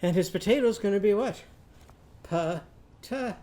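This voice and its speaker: Leading young children through a literacy lesson, a male teacher with a mellow, somewhat high voice talks at an ordinary pace. He elongates speech sounds and syllables so the kids can copy, then has the whole class echo him.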